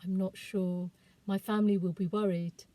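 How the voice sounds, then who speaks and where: A woman's voice: mid-range voice, little pitch movement, moderate pace, warm tone, natural voice. A woman voicing a wary teenage village boy who speaks bluntly and suspiciously.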